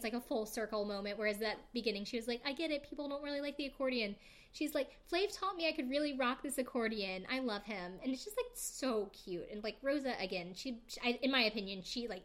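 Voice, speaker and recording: A woman's voice: fairly high pitch, fairly bright tone. A woman recapping a TV episode in casual chat, with frequent fillers and a light, laughing manner. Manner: chatty, heavy use of "like" and "um", laughs often. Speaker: podcast host recapping a reality show.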